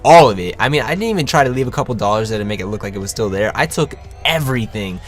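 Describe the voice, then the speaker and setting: A man's voice: fairly low pitch, fast talker, soft background music. A young man casually telling a story to his viewers, swearing freely and acting out what people said. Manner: animated, swears freely, acts out quotes. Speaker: vlogger.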